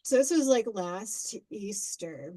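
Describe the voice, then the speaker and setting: Animated woman telling a family story. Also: mid-range voice, slow pace, no echo, rough recording. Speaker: podcast guest. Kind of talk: casual storytelling.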